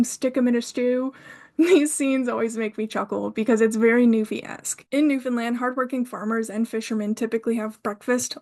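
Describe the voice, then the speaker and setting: A podcast host from Canada in casual conversation with a guest. Her voice sits a little on the high side, and she talks in loose, chatty rambles broken up by frequent laughter. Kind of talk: casual interview chat.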